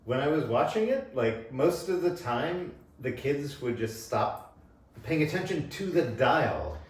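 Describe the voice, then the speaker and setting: A man hosting a casual chat, relaxed and asking curious questions. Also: fairly high pitch, unhurried. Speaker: host. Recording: echoey room, distant mic, faint noise.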